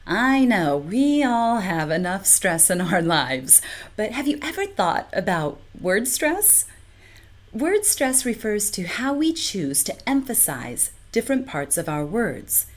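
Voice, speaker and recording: A woman giving a scripted video lesson as a communication trainer, speaking clearly and deliberately and overemphasizing syllables to show word stress. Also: mid-range voice, big pitch swings.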